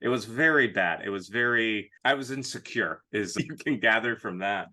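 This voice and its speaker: Bright, low-voiced rambling male host. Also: moderate pace. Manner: self-deprecating, rambling. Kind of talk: casual interview chat.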